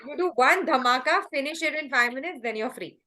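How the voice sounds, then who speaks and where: A middle-aged woman coaching callers, animated and acting out little quotes as she explains. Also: high-pitched, brisk. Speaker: host and happiness coach. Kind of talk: coaching answers on a group call.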